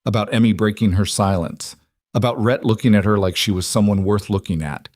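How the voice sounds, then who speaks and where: A man narrating a storybook western in an even storytelling manner. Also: lowish voice, fairly quick, dry recording, clean studio sound. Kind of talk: scripted narration.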